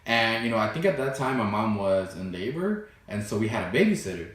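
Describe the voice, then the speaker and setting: Young dude vlogging, rambly and animated, lots of "you know", roomy echo. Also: male voice, on the low side, fairly quick, recorded from a distance. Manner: animated, laughs often, fillers like "you know" and "right". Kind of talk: casual storytelling to camera.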